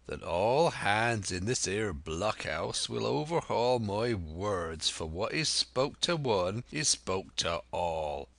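A gruff, crafty old one-legged pirate, voiced by a male narrator, growling threats in a very low voice at a slow pace. The reading has a bright, sharp edge and sounds dry and close, as in an audiobook. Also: lively intonation, heavily acted. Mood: defiant. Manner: threatening, rough seafaring talk. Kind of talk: audiobook character voice.

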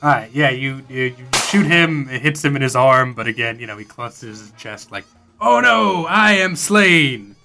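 A man's voice: mid-range voice, fairly even intonation, moderate pace, few pauses, over music. A man narrating as game master for a tabletop game, in a casual, hesitant way.

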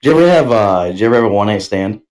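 A man's voice: lowish voice, expressive, rapid-fire, darkish tone. A man co-hosting a podcast in crude casual chat, telling loose anecdotes with many restarts and frequent laughter. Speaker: podcast co-host.

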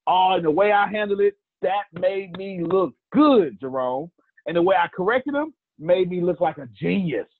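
A man teaching and telling stories with a lively, swinging voice and a slightly husky tone. The sound is dry and thin, like a phone line. He talks colloquially and calls out listeners by name. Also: on the high side, no room sound. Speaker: teacher and host. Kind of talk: live teaching talk with storytelling.

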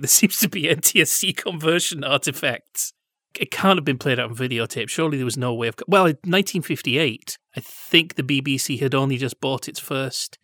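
A man co-hosting a podcast, chatting casually and with nerdy enthusiasm about old television, quick to laugh. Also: mid-range voice, fairly bright tone, no echo, clean studio sound. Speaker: podcast co-host.

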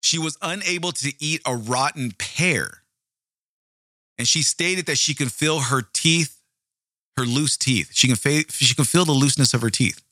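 A man's voice: mid-range voice, measured pace, sharp tone, no echo, studio quality. A man hosting a true-crime show, reading the case aloud and breaking off into blunt, profane asides to his listeners. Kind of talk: true-crime narration with commentary.

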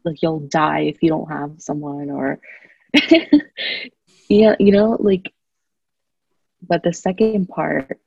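A woman sharing her view in a casual group discussion, thoughtful and filling pauses with "you know" and "like". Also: low voice, steady tone, gravelly, mellow, slightly rough, dry recording, muffled recording. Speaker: discussion participant.

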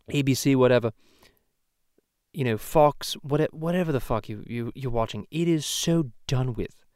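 A man's voice: medium pitch, a little mellow, clean tone, no echo, studio quality, natural voice. A man voicing a foul-mouthed cartoon baby, ranting profanely and rambling in a comedic podcast. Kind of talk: comedic podcast rant in character.

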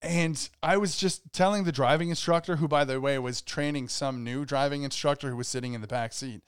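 A young man co-hosting a podcast, telling a story in casual chat, halting and quick to laugh. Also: on the high side, fairly even intonation, smooth, dry recording. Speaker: podcast co-host.

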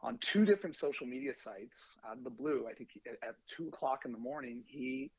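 A man's voice: mid-range voice, fairly quick, breathy edge, no room sound, dull audio. A man, a youth baseball coach, telling a long story on a podcast and acting out the lines of the people in it. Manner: animated anecdote, acting out quoted lines.

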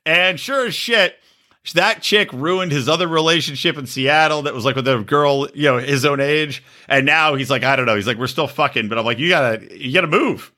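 A man's voice: on the high side, a little fast. A man co-hosting a podcast, telling a crude story in casual, profane chat and acting out the people he quotes. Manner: animated, acts out quotes with shifting voices; profane, laughs often. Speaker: podcast co-host.

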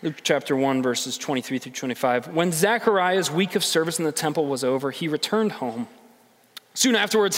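Lively high-voiced preacher in reverb. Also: male voice. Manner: conversational, animated, acts out inner voices. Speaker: pastor. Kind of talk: sermon.

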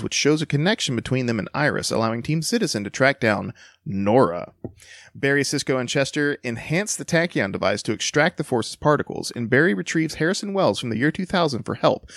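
A man's voice: medium pitch, dry recording. Male co-host, playful, lots of inflection, dry close sound. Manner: playful, laughing, expressive inflections. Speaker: podcast co-host. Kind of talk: casual chat, reading an episode summary.

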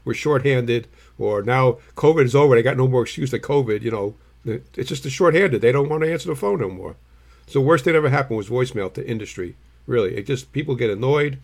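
A man's voice: medium pitch, expressive, fast, vocal fry. Middle-aged guy, blunt, swears a lot, just telling stories. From New Jersey. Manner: blunt, storytelling, swears freely. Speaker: co-host. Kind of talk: casual chat.

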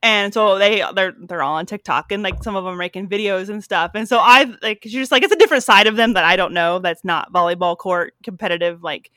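A woman's voice: mid-range voice, a little fast, few pauses, sharp tone, no room sound. A woman co-hosting a podcast in casual chat, bubbly and enthusiastic, with lots of fillers. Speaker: podcast co-host.

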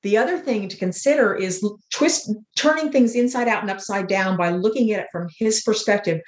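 An older woman, an author and interview guest, talking in an earnest, unhurried way and telling spiritual stories. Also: medium pitch. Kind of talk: reflective interview talk. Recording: roomy echo.

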